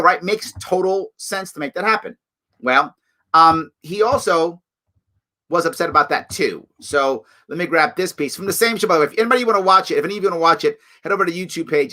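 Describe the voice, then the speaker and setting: Man hosting a commentary livestream, sarcastic, bright voice, lively swooping pitch. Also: a little fast. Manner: sarcastic, animated, mocking. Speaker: show host.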